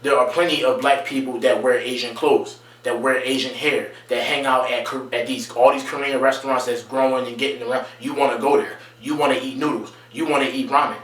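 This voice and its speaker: A man's voice: steady tone, brisk, few pauses, a bit bright. A man giving an impassioned monologue to camera, repeating points emphatically and pushing his voice up to stress them. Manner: emphatic, repetitive, rising to raised pitch when stressing points. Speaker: video creator. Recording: roomy sound from a distance from the mic.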